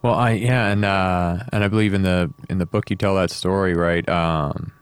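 A man's voice: low-pitched, fairly even intonation, moderate pace, clear, resonant tone, no echo. A man hosting an interview, recapping the guest's story in a conversational way with small hesitations. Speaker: host. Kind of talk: casual interview.

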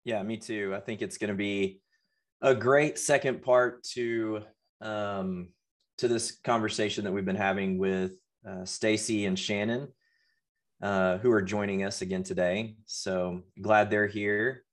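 A man's voice: on the low side, fairly even intonation, a little slow. A man co-hosting a casual podcast chat, teasing his co-host in playful banter.

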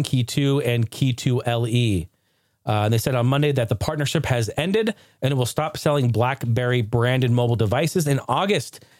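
A man hosting a podcast in casual chat, animated, profane and joking. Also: mid-range voice, dry recording, clean studio sound. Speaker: podcast host.

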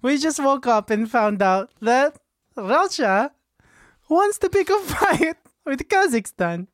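A flustered, tearful secretary, played by a woman with a raised, excitable voice and bursts of giggles. The sound is dry and close. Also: sits high, slow, no echo, pitched above the performer's own voice. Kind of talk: improv comedy scene.

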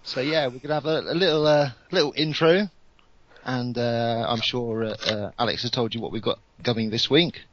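Teasing podcast stand-in host. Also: male voice, mid-range voice, steady tone, normal speed, a little hiss or hum. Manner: teasing, laughs often. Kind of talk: casual group chat. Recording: dull lo-fi sound.

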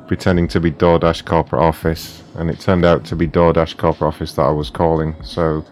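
Brief: male stream host, very low voice, loose and crude, faint music underneath. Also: flat delivery, a little fast, darkish tone. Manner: loose, profane, joking. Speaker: prank call show host. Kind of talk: casual live-stream chat.

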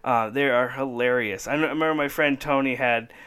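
Chatty man with a smooth voice. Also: mid-range voice, fairly even intonation, brisk, a bit bright. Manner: rambling, enthusiastic, laughs often. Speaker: podcast host. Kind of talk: casual chat.

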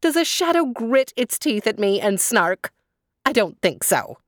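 A woman voicing a plump, fussy old farm woman, indignant and excitable. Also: fairly high pitch, a little slow, no room sound, clean studio sound, pitched above the performer's own voice. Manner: excited, exclamatory calls.

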